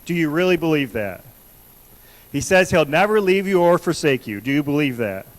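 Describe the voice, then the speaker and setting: A man's voice: fairly high pitch, big pitch swings, normal speed, rough recording. A man preaching a conversational sermon in a church, earnestly repeating questions to the congregation. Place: church sanctuary.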